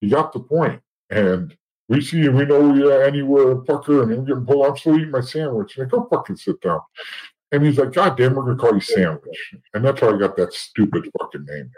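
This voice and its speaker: A middle-aged man telling rough stories in a blunt, profane way, rambling with frequent restarts. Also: on the low side, a little mellow, poor audio. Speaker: guest. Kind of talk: casual storytelling.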